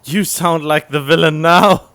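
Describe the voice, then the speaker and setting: A man with a high voice reacts to a video game, teasing and arguing with its characters in casual commentary. He speaks unhurriedly into a desk USB microphone, often laughing at what he sees. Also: steady tone, measured pace, a bit bright, clean tone, no echo. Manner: mocking, laughing, talking back at the game. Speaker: let's play host.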